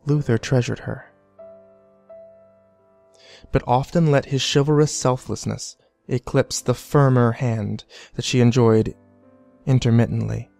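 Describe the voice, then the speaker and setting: A man's voice: mid-range voice, steady tone, measured pace, vocal fry, long pauses, a little mellow. Man narrating a horror story. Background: faint background music.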